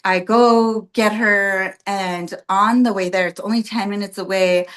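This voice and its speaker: A woman in her thirties, a podcast guest, telling a personal story in a casual, animated way, full of "like" and "um", often laughing and getting emotional. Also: mid-range voice, unhurried. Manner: animated, heavy on fillers like "like" and "um". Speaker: podcast guest, birth worker.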